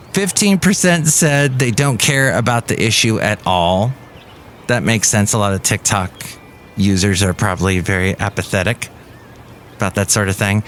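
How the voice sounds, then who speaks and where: A man's voice: on the low side, fairly bright tone, slight background noise. A man hosting a comedy podcast, reading the news with goofy puns and playful asides. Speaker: podcast host.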